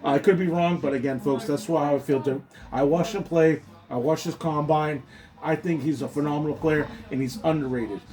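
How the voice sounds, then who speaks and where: A man's voice: fairly high pitch, steady tone, moderate pace, crowd noise, low-quality recording. A man around forty hosting a casual podcast, rambling and swearing a lot, a bit tipsy, calling his listeners folks. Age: late 30s to early 40s. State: tipsy from drinking. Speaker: podcast host. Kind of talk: casual sports chat.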